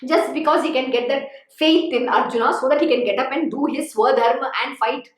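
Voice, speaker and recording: A woman with a high voice delivers an earnest, exhorting spiritual discourse, urging her listeners on and often saying "you know". Her voice rings in an echoey room. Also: fairly quick. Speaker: spiritual teacher. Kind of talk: devotional discourse.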